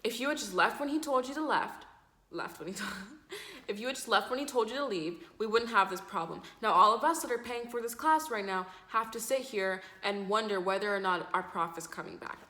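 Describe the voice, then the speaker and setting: A woman voicing an indignant young female student who lectures her classmates in a shrill, bossy tone. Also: very animated, normal speed, pushed and bright. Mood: indignant scolding.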